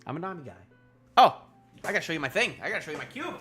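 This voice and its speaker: Bright, lively male streamer. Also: a little high, rapid-fire, faint music behind. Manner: excitable, repeats himself, drifts into tangents. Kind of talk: live manga reaction stream.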